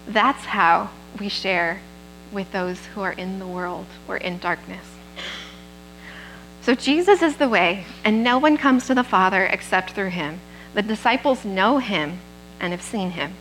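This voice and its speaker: A woman's voice: mid-range voice, measured pace, a bit bright, a little hiss or hum, poor audio. A woman preaching a sermon at a church service, speaking into a microphone in a plainspoken, conversational way and often checking in with the congregation.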